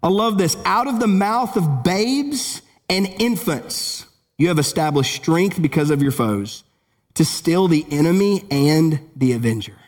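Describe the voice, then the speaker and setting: A middle-aged man preaching a sermon in a lively, conversational way, with casual asides and jokes. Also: a little high, measured pace. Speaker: pastor.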